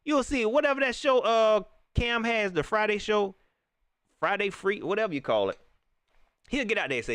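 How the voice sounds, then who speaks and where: A man hosting a live reaction stream, ranting in an animated way and talking straight to his viewers. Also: high voice, normal speed, no echo, clean studio sound.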